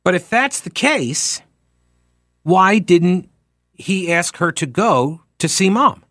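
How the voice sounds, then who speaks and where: A man with a slightly high voice gives animated commentary on a trial. He acts out what people said and fires off rhetorical questions. The recording is dry and close, with no room sound. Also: slow, no room sound. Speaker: talk show host.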